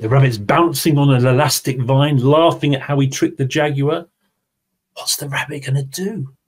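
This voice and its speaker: Slow, husky-voiced man teaching. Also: mid-range voice. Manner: slow, expressive storyteller, addresses the audience directly. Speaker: language teacher trainer. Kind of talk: storytelling demonstration in an online teaching seminar.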